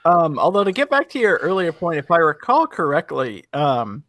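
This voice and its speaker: A man's voice: a little high, very animated, normal speed, a bit bright, no echo, studio quality. Rambling man defending a movie. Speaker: podcast co-host. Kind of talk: movie commentary chat.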